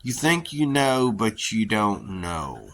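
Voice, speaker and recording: Male host, lowish bright voice, emphatic rambling monologue delivery. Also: very animated, slow. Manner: emphatic, preachy, repeats himself. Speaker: podcast host.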